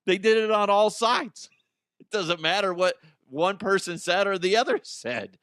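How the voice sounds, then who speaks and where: A man's voice: sits high, expressive, a little slow, fairly bright tone, no echo, studio quality. A man hosting a comedic podcast, telling stories in a loose monologue, swearing often and laughing at his own jokes. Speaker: podcast host.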